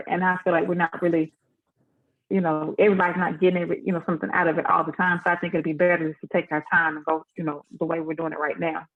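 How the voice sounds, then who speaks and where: A woman leads an informal Bible class over a video call. She talks easily and plainly, in a folksy, unhurried way. Her voice comes through a narrow, phone-like line. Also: low-pitched. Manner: folksy and conversational, with a relaxed dialect.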